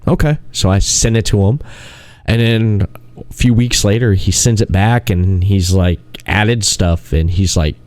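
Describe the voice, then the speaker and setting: A man's voice: fairly low pitch, a little slow, a little mellow, no room sound. A man hosting a podcast in casual chat, rambling through stories and acting out the quotes, laughing often. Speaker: podcast host.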